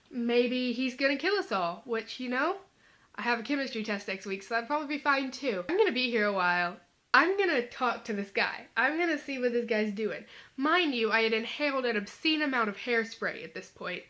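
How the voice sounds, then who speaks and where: A teenage girl vlogs a comic story straight to the camera. Her voice sits high and bright, with a sharp, clear edge. She rattles along quickly and animatedly, filling the gaps with "like" and "you know.". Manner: fast, animated, full of "like" fillers. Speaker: vlogger.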